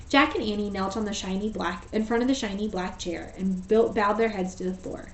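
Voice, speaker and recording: A woman teacher reading a storybook aloud in a steady, gentle way. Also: medium pitch, fairly quick, hardly any pauses. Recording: echoey room, voice far from mic.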